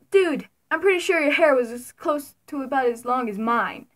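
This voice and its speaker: A young woman vlogging casually about her favorite creators, giggly and excitable, with sudden loud bursts. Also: high voice, normal speed, few pauses. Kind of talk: casual fan commentary.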